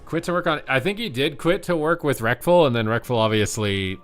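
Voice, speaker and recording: A man's voice: mid-range voice, faint music behind. A tired man streaming live, calling game action play-by-play and chatting with viewers. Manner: quick play-by-play, rising excitement on big plays. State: tired, yawning. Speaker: streamer and esports commentator. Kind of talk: live game commentary and chat.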